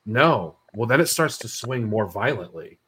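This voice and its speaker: A young man telling spooky stories in casual podcast chat, profane and animated, swearing freely. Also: medium pitch, moderate pace, rough recording.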